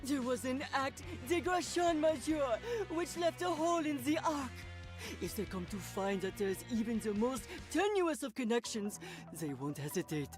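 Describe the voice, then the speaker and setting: A woman's voice: high-pitched, big pitch swings, normal speed. A woman voicing a courteous, powerful man with a French accent in a game. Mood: grave. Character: strong, polite French man with crushing grip. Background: game music.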